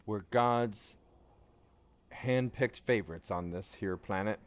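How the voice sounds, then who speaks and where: A man putting on a gruff stubborn old ship captain. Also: slow. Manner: low drawling delivery with folksy slang.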